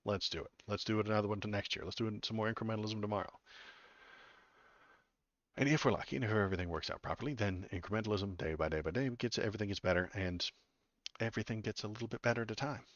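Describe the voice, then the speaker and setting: A man with a very low voice hosts a political livestream, reading headlines aloud and poking at them with sarcastic asides. He rambles and restarts his sentences often. The sound is dull and lo-fi, in a dry, dead room. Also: fast talker, no room sound. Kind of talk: casual commentary reading news aloud.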